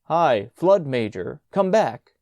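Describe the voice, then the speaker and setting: A man voicing a calm senior schoolboy who gives brisk, placid orders, in an audiobook story. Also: medium pitch, no room sound, clean studio sound. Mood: commanding. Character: calm, commanding older schoolboy, head of games.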